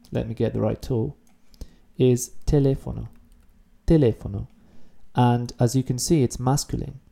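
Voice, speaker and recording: Man, language teacher, very dark mellow tone, patient explaining style for a beginner video lesson. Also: medium pitch, vocal fry. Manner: explanatory, repeats key words slowly.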